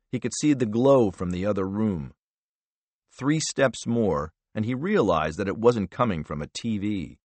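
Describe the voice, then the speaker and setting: A man narrating a thriller audiobook in a measured, low-key manner. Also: no room sound. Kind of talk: scripted narration.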